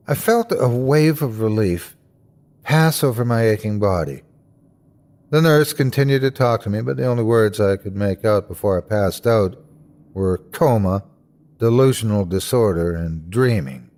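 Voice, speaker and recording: A man hosting a podcast and narrating a first-person horror story dramatically, swinging from hushed lines to cries. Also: fairly low pitch, animated, normal speed.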